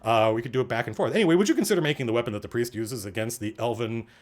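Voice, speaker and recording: A man's voice: mid-range voice, racing. A man hosting a livestream, chatting casually and digressively as he answers questions from chat. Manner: animated, digressive, thinking aloud.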